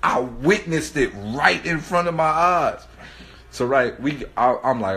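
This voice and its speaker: Man, 30s, casual storytelling, slang, frequent laughs, lively voice, slightly high. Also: a little slow. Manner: animated, laughing, keeps asking "right?"; streetwise slang. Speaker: host.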